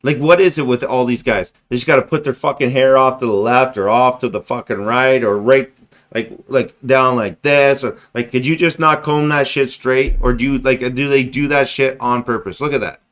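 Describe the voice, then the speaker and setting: With a slightly strained voice because he's losing it, this forty-something livestream host rants bluntly, sarcastically and profanely in casual commentary. His mid-range voice moves at a normal pace and sounds a bit bright.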